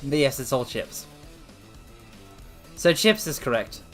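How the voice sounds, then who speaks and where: A man streaming casual chat, theatrical and animated, calling his viewers mortals, a little out of breath. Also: medium pitch, takes it slowly. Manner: animated, swings between loud outbursts and mock apologies. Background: faint background music.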